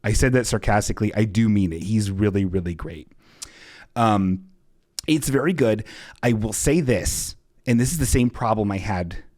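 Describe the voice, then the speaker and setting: A man's voice: on the low side, moderate pace, darkish tone, no room sound, clean studio sound. A man hosting a livestream podcast, chatting casually in a rambling, jokey way with sarcastic asides. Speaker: podcast host. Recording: music bed playing underneath. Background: looping background music.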